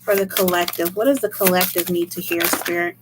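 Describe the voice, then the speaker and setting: A woman's voice: on the low side, level tone, a little fast, very noisy. A woman doing a casual livestream as a tarot reader, chatting, laughing often and greeting viewers by name.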